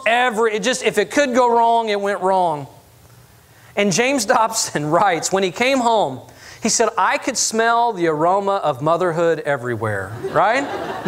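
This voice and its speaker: A man's voice: high-pitched, fairly bright tone. A man preaching a sermon as pastor, telling stories with humor and asking the congregation for agreement. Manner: storytelling with audience asides; self-deprecating humor.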